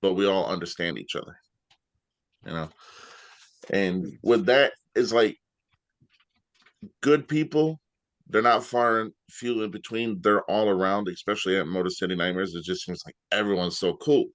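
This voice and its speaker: A man's voice: deep voice, normal speed, pauses often, no echo. A man hosting a casual interview show, chatting easily with lots of "you know". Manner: relaxed, uses filler like "you know". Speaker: podcast host.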